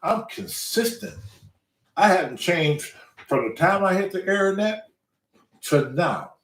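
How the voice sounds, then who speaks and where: A man's voice: sits high, measured pace, distant mic. A man hosting his own show, telling a long story in a casual monologue and swearing constantly as he rants. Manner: profane, ranting, animated storyteller. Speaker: show host. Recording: roomy, away from the mic.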